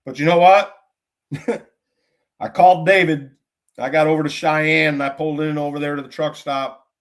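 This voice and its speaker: A middle-aged man from Michigan hosting a podcast, telling stories bluntly in folksy trucker slang with plenty of cursing. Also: a little high. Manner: blunt storytelling with frequent cursing. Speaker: podcast host. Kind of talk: casual podcast monologue.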